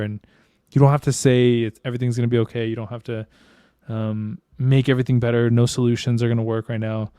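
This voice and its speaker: Man, podcast co-host, casual chat, candid, swears a lot, smooth clear voice, dry close sound. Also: medium pitch, flat delivery, brisk, mellow, no echo. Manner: candid, swears freely, slangy.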